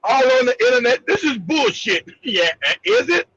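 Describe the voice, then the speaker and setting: A man giving brash, mocking casual commentary, loud and profane, laughing often and breaking into shouts. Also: very high-pitched, very animated, moderate pace. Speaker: co-host. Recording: slightly dull lo-fi sound.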